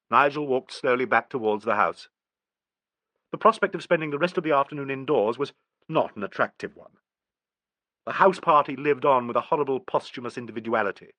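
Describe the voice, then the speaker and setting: A man reads an audiobook with steady, even storytelling. His voice sits at a middle pitch. The recording is close and dry, with no room sound. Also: a little fast, no room sound. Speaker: audiobook narrator. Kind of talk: scripted narration.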